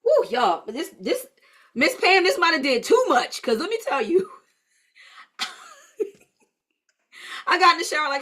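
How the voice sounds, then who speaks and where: Bright, high-voiced woman teaching health. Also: sing-song, moderate pace, long pauses. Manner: chatty, reacts to viewer comments, blunt. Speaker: holistic health class instructor. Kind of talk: live-streamed health class.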